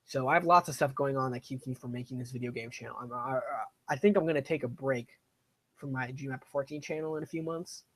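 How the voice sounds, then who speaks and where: A man's voice: medium pitch, fairly even intonation, fast talker, fairly bright tone. A young man chatting casually during a live game stream, rambling and self-deprecating as he plays. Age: young adult. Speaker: gaming streamer. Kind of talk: casual live-stream commentary while playing.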